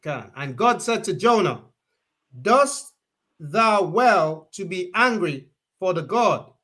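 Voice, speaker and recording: A man reads scripture aloud in a Bible study, stumbling over words and filling gaps with ums. He goes slowly, in a fairly high voice. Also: lively intonation, pushed and bright, husky. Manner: halting, stumbling reading with fillers. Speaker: scripture reader.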